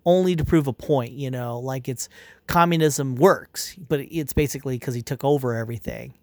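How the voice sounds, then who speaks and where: A man's voice: mid-range voice, normal speed, no room sound. A man ranting casually and irritably, rambling with lots of filler words, swearing and restarted sentences. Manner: irritated, dismissive. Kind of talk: casual spoken review rant.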